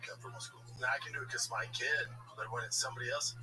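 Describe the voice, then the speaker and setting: A man's voice: medium pitch, very fast, few pauses. A man guesting on a podcast in casual chat, telling stories and acting out the voices of others. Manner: animated storyteller acting out dialogue. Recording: distant mic with music behind.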